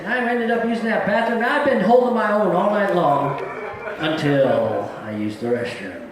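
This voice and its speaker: A man's voice: high-pitched, expressive, moderate pace, noisy background. Folksy middle-aged man in an echoey club. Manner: folksy, storytelling, plain-spoken. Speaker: stand-up comedian. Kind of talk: live stand-up set. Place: comedy club stage.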